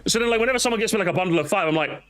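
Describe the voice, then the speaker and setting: A young man hosting a casual chat, animated and slangy, swearing freely. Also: high-pitched, very fast. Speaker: podcast host.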